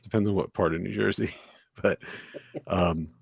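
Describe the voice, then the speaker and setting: A man's voice: sits low, fairly even intonation, normal speed, vocal fry, breathy edge, no echo, studio quality. A man hosting a podcast, chatting casually and rambling with lots of fillers and restarts. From United States. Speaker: podcast host. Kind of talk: casual chat.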